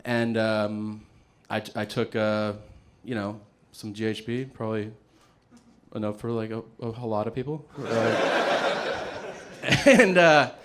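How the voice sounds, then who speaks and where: A man telling a stand-up story in an animated, profane way, laughing through it. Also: on the low side, takes it slowly, pauses often, a little hiss or hum. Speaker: stand-up comedian.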